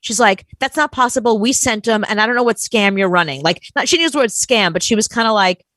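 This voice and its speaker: Woman, podcast co-host, lively exasperated storytelling, fairly high voice, dry close sound. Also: quick pace, dry recording. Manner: animated, exasperated storytelling with acted quotes. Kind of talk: casual chat, storytelling.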